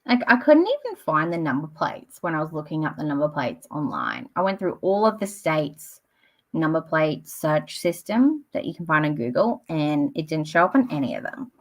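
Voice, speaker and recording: A young woman in her late twenties, chatting away on a live book stream. Her pitch swings up and down a lot. She rambles casually and fills her talk with "like" and "um". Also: big pitch swings, moderate pace. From Australia. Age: late 20s.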